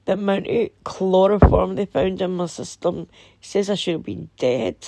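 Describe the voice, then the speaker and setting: A Scottish woman telling a painful personal story in a halting, somber way, with many pauses and restarts. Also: on the low side, lively intonation, gravelly, noisy background. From Scotland. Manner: somber and emotional. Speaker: vlogger. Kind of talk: personal testimony.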